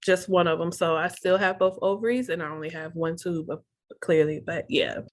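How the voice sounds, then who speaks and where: A young woman with a slightly low voice tells her own story as an interview guest. She speaks earnestly and openly, and her words tumble and repeat when feelings run high. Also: steady tone, fairly quick. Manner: earnest, emotional, repeats phrases when stirred. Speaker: podcast guest. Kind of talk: candid personal storytelling.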